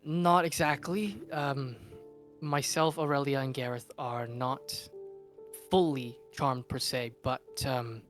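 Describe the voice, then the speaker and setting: A man's voice: medium pitch, steady tone, slow pace, a bit bright, soft background music. A young man narrating as game master, slipping into a nervous noble's voice.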